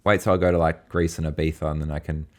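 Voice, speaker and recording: A man's voice: a bass voice, level tone, quick pace. An Australian man co-hosting a podcast, telling rambling stories in casual slang, full of fillers. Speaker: podcast co-host.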